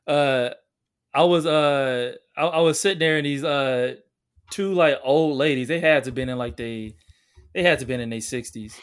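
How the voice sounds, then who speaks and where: Regular-voiced dude rambling through a story on a podcast, swears, says uh a lot. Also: male voice, mid-range voice, clean tone. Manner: rambling, profane, with halting fillers. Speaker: podcast co-host. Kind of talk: casual storytelling chat.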